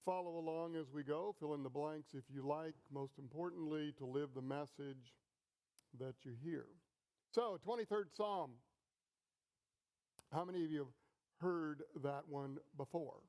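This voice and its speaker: A middle-aged pastor delivering a sermon with a fairly high voice. He speaks slowly, letting phrases land one at a time in deliberate storytelling. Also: mellow. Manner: slow, deliberate storytelling with pauses.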